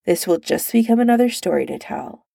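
A woman voicing a proud young male crown prince who talks in a gruff, snappish way while drunk, read from a storybook. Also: mid-range voice, expressive, a little fast, mellow, no room sound, clean studio sound. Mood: sullen.

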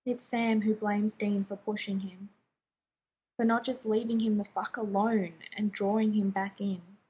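Lady narrating fan fiction, quiet and intimate, husky airy voice, mid pitch. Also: steady tone, unhurried, low-quality recording.

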